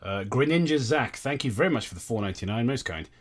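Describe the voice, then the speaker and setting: A man's voice: medium pitch, expressive, fast. A young man hosting a livestream, reading aloud and thanking donors in a wry, sweary way. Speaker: livestream host. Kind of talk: casual livestream commentary.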